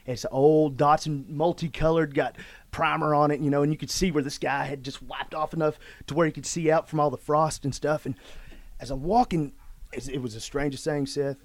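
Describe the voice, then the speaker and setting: A man telling a personal story in casual, rough-spoken talk, often saying "man" and "dude". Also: on the high side, a little fast. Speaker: guest telling his story.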